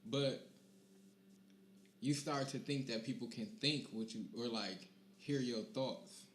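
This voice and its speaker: A young man co-hosting a podcast, chatting casually in a laid-back, rambling way that often trails off quietly. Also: mid-range voice, slow pace. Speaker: podcast co-host. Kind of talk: casual chat. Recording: roomy with faint hiss.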